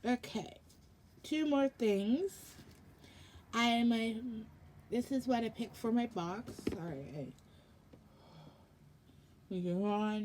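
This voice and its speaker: A woman's voice: on the high side, takes it slowly, long pauses, a little mellow. A young woman chatting casually through a product unboxing, rambling with lots of ums and self-corrections, sounding sleepy and yawning. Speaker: vlogger.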